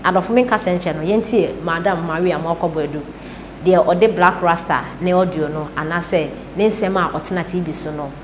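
A woman's voice: lowish voice, roomy sound, noisy background. Ghanaian woman presenting online news. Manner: brisk, mostly in Twi with English terms. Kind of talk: news narration for an online channel.

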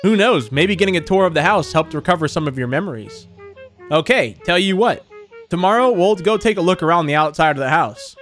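A man's voice: sits high, lively intonation, fairly quick, a bit bright, faint music behind. A man reading aloud the lines of an eerie, doting mannequin mother from a horror game in his own plain voice. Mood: sweetly unsettling.

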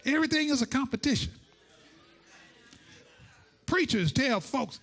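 A preacher delivers a sermon in a high, lively voice that climbs and dips all over the place. He is playful and animated and acts out little scenes. The delivery is expressive and exuberant. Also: a little slow. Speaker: pastor.

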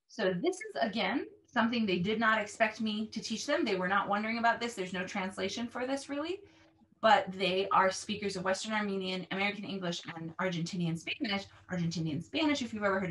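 A woman language teacher explaining how she runs her classes, animated and acting out phrases with exaggerated intonation. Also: mid-range voice, brisk, far from the mic.

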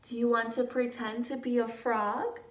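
A woman's voice: fairly high pitch, steady tone, normal speed, slight background noise, close to an everyday voice. A woman voicing a cheerful, patient little female pig in a storybook reading, speaking in a matter-of-fact, reassuring way. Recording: echoey room, distant mic.

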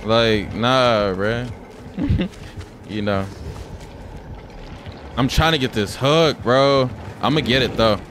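A man's voice: mid-range voice, slow, pauses often, a bit bright, slight background noise. A man streaming a game, telling stories in a loose, profane way and calling everyone "bro". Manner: loose, profane storytelling, says "bro" a lot. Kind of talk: casual gaming commentary.

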